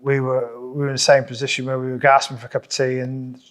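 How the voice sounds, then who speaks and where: A man's voice: mid-range voice, fast talker. A man, a tradesman hosting a podcast, chatting casually and acting out little voices as he tells stories. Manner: chatty, animated storytelling, acts out voices. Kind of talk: casual chat.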